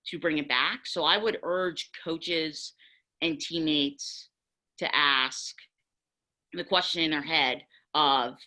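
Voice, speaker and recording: A young woman speaking on a video-call panel, her voice low-pitched yet bright and forward. She tells candid stories from her own life and acts out the lines of others as she goes. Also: slow pace, rough recording. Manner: candid, animated storytelling with acted quotes. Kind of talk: panel discussion.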